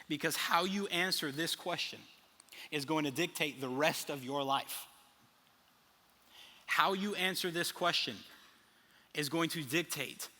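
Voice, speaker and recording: Lively young pastor in a big reverberant hall. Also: male voice, on the high side. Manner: animated storytelling with acted asides. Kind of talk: sermon. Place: large church hall.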